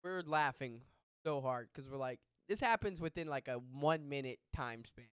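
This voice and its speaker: Animated young man telling a story. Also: mid-range voice, smooth, no room sound, clean studio sound. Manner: animated, profane, quick asides. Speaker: podcast host. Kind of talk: casual storytelling chat.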